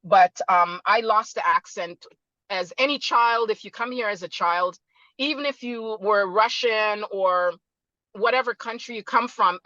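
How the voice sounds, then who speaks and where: A woman's voice: medium pitch, pushed and bright, no echo, dull audio. A middle-aged woman from Jamaica with a Canadian accent, chatting casually on a video call and rambling with lots of fillers. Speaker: guest speaker.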